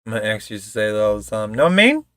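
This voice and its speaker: A man's voice: fairly low pitch, big pitch swings, quick pace, fairly bright tone, clear, resonant tone, no room sound. A man chatting casually on a live stream, rambling and swearing freely, with a toddler at home. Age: adult father of a toddler. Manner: rambling, profane, loose.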